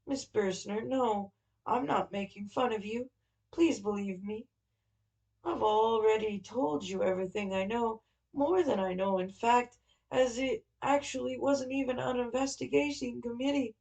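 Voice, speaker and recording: A woman's voice: on the high side, a little slow, darkish tone, low-quality recording. A woman reading a novel aloud, voicing an earnest, flustered young man who explains things at length.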